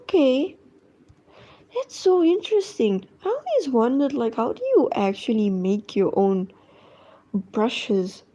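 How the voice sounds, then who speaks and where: A woman's voice: on the high side, expressive, slow, warm tone, highs cut off. A woman chatting casually while she draws, rambling along with lots of fillers and trailing thoughts. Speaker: drawing streamer. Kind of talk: casual chat while drawing.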